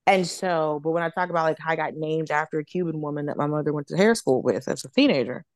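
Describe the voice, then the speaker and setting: Woman, comedian, casual storytelling, low voice, dry close mic. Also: fast, no echo. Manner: animated storyteller, acts out quoted voices, swears freely. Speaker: comedian guest.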